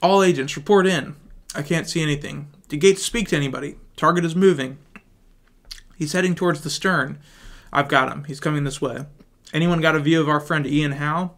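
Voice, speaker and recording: A man's voice: on the high side, normal speed, fairly bright tone. A man with a mouth full of chewing gum voicing a male FBI agent who barks urgent orders during a chase.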